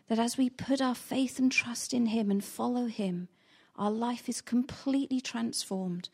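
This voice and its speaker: A woman's voice: fairly high pitch, a little slow, gravelly, dark tone, slightly rough. A woman preaching a sermon, retelling a Bible story in a storytelling way and acting out the quoted lines with rising intensity.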